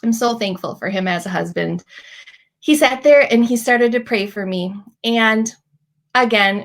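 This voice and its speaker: Chatty woman sharing faith stories. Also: fairly high pitch. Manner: chatty, animated storytelling with many likes and ums. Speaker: Christian podcast host. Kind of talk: faith-based encouragement talk.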